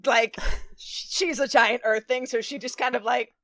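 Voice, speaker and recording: A woman player in a tabletop game, bubbly and quick to laugh. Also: a little high, steady tone, fairly bright tone, no echo. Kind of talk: casual tabletop play.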